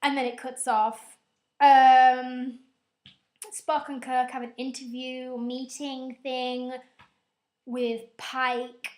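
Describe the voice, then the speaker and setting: A young woman talks through a film plot at home, loose and conversational. Her voice sits a little on the high side, and she keeps tossing in self-mocking, sarcastic asides. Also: level tone, slow. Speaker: video reviewer. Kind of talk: casual rambling film recap.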